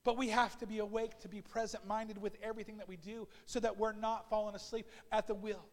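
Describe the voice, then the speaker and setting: Man preaching, very high voice, fervent repetitive exhortation, rising to shouts, long church-hall reverb. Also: flat delivery, a little fast. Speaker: pastor. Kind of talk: sermon. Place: church sanctuary.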